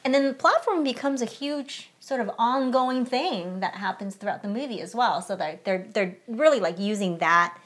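A woman's voice: on the high side, moderate pace, few pauses. A young adult woman co-hosting a podcast, chatting casually and with energy while reviewing a movie, with lots of "like" fillers. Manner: chatty, animated, frequent "like" fillers. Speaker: podcast co-host.

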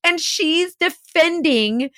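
A woman host telling a story in casual chat, animated and full of "like", acting out what people said. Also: extremely high pitch, takes it slowly, dry recording, clean studio sound. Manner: animated, lots of "like", acts out quotes. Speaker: podcast host.

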